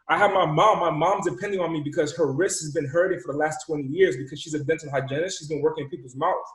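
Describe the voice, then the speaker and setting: A man from Rhode Island, an entrepreneur and speaker telling a personal story in an animated way, acting out the dialogue and repeating words. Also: a little high, quick pace. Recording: echoey room.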